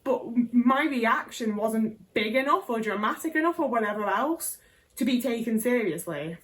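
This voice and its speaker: A woman's voice: a little high, lively intonation, moderate pace, distant mic, rough recording. A young English woman vlogger telling a personal story to camera, candid and sweary, with lots of "like".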